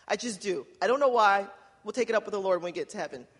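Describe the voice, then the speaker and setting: A woman's voice: medium pitch, lively intonation, quick pace, breathy edge. A woman from Los Angeles giving an emotional, conversational sermon, often asking "right?". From Los Angeles, USA. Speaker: speaker. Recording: hall reverb.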